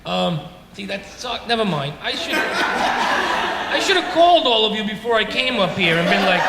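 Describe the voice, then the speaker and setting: A man's voice: high-pitched, sing-song, normal speed, vocal fry, heavy background noise. A middle-aged man doing a stand-up comedy set in a club, ranting in an exasperated, self-mocking way. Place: comedy club stage with laughing audience. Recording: echoey club room with reverb.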